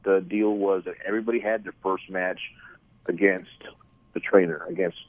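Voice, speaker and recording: A man's voice: deep voice, moderate pace, no echo. Texan man on a tinny phone line. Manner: animated anecdotes with repeated words and restarts. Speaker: wrestling promoter and trainer. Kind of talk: phone interview storytelling.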